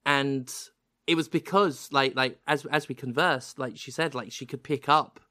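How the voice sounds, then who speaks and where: A man with a British accent that carries a slight American hint, hosting a podcast in animated, self-mocking casual chat. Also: medium pitch, moderate pace, no room sound, clean studio sound. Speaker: podcast host.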